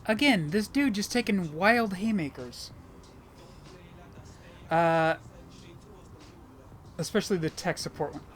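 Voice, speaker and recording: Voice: medium pitch, expressive, takes it slowly, long pauses, a bit bright, faint music behind. A streamer giving casual gameplay commentary, rambling, joking and swearing.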